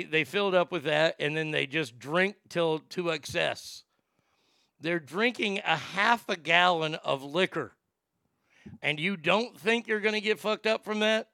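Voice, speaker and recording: A man's voice: fairly high pitch, gravelly, pushed and bright, clear, resonant tone, no echo, studio quality. Profane, sarcastic man ranting on air. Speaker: host. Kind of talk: comedic talk show rant.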